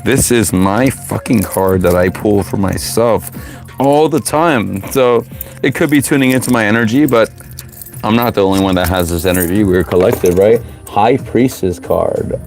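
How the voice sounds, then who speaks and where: A man giving a live tarot reading to viewers, profane and preachy, with sudden loud whoops. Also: sits low, creaky. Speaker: tarot reader, live streamer.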